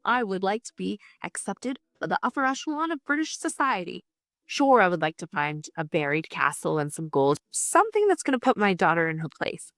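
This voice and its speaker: A woman's voice: on the low side, a bit bright, no echo, studio quality. A woman with a Canadian accent speaking in a TV documentary interview, chatty and wry. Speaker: guest on a family history TV show.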